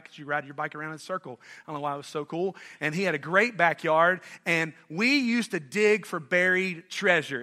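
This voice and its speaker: Bright, high-voiced middle-aged preacher. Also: male voice. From North Carolina, US. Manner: animated and conversational, questions and jokes with the congregation. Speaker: pastor. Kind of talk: sermon.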